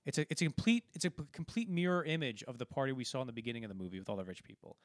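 A man's voice: mid-range voice, animated, rapid-fire, no echo, clean studio sound. A man casually talking through a film, rambling and acting out quoted lines as he retells scenes. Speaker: podcast co-host.

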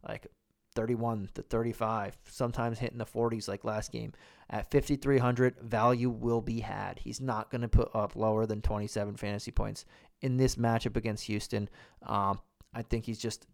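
A man hosting a casual sports podcast, talking fast and loose with fillers, a little out of breath. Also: medium pitch, creaky, darkish tone, clean tone. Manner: quick, loose delivery with fillers. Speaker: podcast host.

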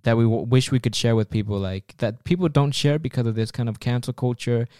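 A man co-hosting a casual podcast, rambling loosely and making fun of himself as he goes. His voice is smooth and clear at a medium pitch. It is recorded close and dry. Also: fairly quick, darkish tone, dry recording. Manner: rambling, self-mocking humor with frequent restarts. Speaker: podcast co-host.

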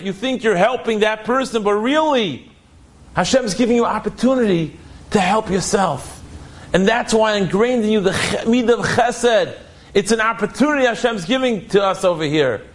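A man telling an inspirational religious story in an animated, conversational way. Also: high-pitched.

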